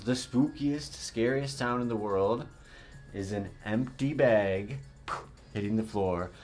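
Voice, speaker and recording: A man hosts a recovery talk show over a livestream, his voice sitting a little low. He rambles playfully and greets viewers by name. He shifts between quick chatter and slow, dramatic delivery, with faint music playing underneath.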